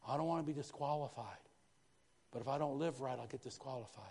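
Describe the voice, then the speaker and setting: A man's voice: medium pitch, quick pace, slightly rough. Preaching man in a reverberant church hall. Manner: lively preaching with call-and-response asides. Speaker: pastor. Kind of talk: sermon. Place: church sanctuary.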